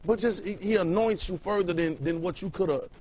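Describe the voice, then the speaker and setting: Man preaching casually, a touch high. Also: brisk, darkish tone, rough recording. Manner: colloquial, fires rhetorical questions at the room; repeats words while building a point. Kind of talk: sermon with Bible reading.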